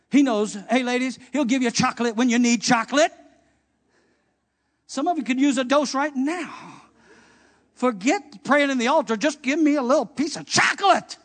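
A male pastor with a strikingly high voice preaches a fiery sermon in a church service. He swings from hushed asides to shouted peaks and answers objections he imagines from the crowd.

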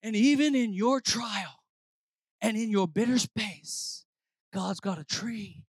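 A preacher delivering a sermon, swinging between shouted declarations and low, quiet lines, calling out to the congregation. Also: takes it slowly, husky, no room sound. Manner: calls out to the congregation.

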